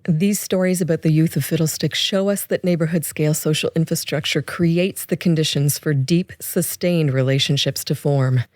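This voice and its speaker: Podcast narrator, measured scripted voice-over, dry close recording. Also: mid-range voice, steady tone, a little mellow, no room sound.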